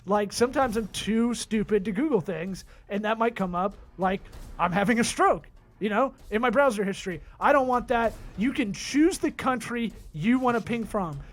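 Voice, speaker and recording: A man hosting a comedy business podcast, joking loudly as he rattles through sponsor reads. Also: high voice, animated. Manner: loud, joking, rapid-fire ad reading. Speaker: podcast host.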